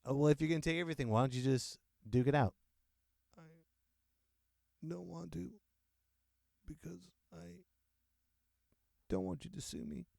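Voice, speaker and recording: A male podcast host rants off the cuff in a joking, animated style, his pitch leaping up and down. He sits close to the microphone in a dry, dead-sounding space. His voice sits fairly high for a man. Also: moderate pace, gravelly, pauses often, no room sound. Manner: animated, joking, laughs often. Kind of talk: unscripted comedic rant.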